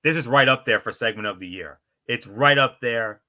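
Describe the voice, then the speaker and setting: Emphatic man with a bright voice. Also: mid-range voice, moderate pace. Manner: enthusiastic, emphatic. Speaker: podcast host. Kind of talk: reading a wrestling recap and reacting.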